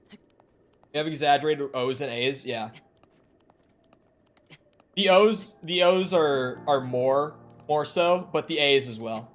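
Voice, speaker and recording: A young Minnesotan game streamer with a Minnesotan accent chats casually with his stream chat as he plays. His voice is fairly high and fairly bright, and he's loose and offhand, swearing now and then.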